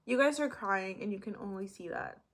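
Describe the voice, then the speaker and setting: A woman's voice: mid-range voice, moderate pace, a little hiss or hum. A young woman hosting her own podcast, talking earnestly and confessionally, often dropping into a whisper. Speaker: podcast host. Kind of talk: reflective solo talk.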